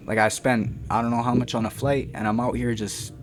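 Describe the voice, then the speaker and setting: A man's voice: mid-range voice, a little fast, crowd noise. A young man from Canada, a boxer telling his story in a casual, slangy interview and calling the host "bro". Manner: slangy and animated, says "bro" often.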